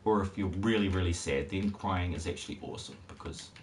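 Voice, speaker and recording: With a very deep voice and a brisk pace, this dad chats loosely over his game stream, cracking jokes to his viewers. Steady hiss and the sound of keyboard typing fill the background.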